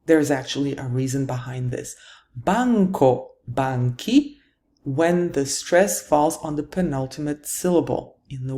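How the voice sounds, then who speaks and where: A woman's voice: low-pitched, dark tone. A woman teaching a grammar lesson, patiently explaining rules and answering her own questions. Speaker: Italian teacher.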